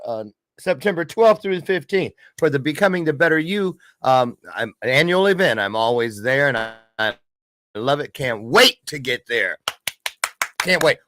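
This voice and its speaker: Animated, playful man hosting a morning podcast. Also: medium pitch, no echo, clean studio sound. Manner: playful, punning, chatty, jumps between asides. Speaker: podcast host. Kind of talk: casual morning show monologue. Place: Chicago area.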